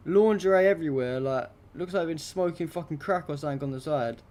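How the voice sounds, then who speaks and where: A man's voice: a little high, fast talker, a little mellow. A young adult man hosting a live stream, commenting on news pictures in an indignant, rambling, heavily profane way.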